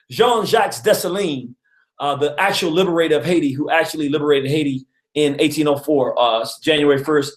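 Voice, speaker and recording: A man hosting a casual radio talk on history, an animated storyteller who chuckles often and acts out quotes. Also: medium pitch, echoey room. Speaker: radio show host.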